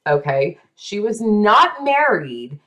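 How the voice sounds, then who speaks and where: A woman hosting a podcast, telling a true story in a casual, dramatic way, with asides and quick voices for the people in it. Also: mid-range voice, very animated, a bit bright.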